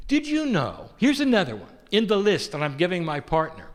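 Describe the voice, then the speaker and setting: A man channeling an ancient loving spirit entity that addresses listeners tenderly, asking rhetorical questions and chuckling softly. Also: sits high, huge pitch swings, a little fast. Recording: long hall reverb.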